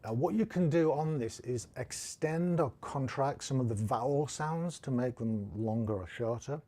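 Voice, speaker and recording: A man with a Teesside accent from northeast England teaches a casual live-streamed guitar lesson, chatting and thinking aloud in a self-deprecating way. His voice is mid-range and mellow, at a moderate pace.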